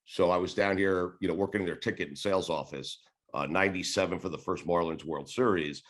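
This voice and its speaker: Laid-back New York man, low voice. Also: a little fast. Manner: rambling, laid-back, swears and laughs while telling stories. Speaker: sports radio host, podcast guest. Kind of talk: casual interview storytelling.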